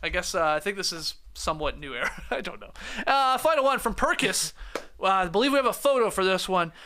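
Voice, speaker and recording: Podcast guy w a high bright voice, jumpy and animated, cracking up between jokes. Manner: laughs often, quick banter. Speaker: podcast co-host. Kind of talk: casual chat.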